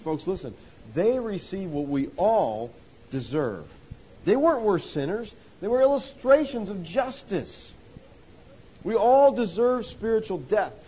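A man preaching a sermon, rising to loud emphatic points and dropping to hushed lows, often calling listeners "folks.". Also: breathy edge. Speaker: pastor. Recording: dull lo-fi sound with faint hiss.

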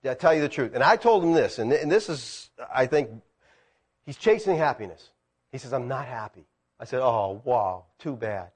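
A middle-aged male pastor preaching a sermon, swinging between loud emphatic peaks and quiet asides. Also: medium pitch, expressive, moderate pace.

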